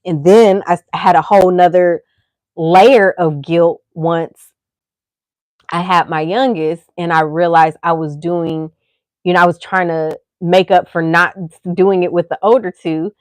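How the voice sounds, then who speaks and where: A woman with a low, deep, darkish voice chats casually as a podcast host, sharing frank thoughts. She rambles loosely at an unhurried pace with fairly even intonation, constantly slipping "you know" into her candid sentences. The sound is dry and close, with no room echo.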